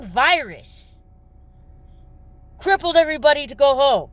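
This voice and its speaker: A woman's voice: on the high side, lively intonation, fairly quick, fairly bright tone, no room sound, faint music behind. A woman vlogger ranting to her viewers, riled up, irritated and blunt, repeating her jeers. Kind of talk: ranting monologue to camera.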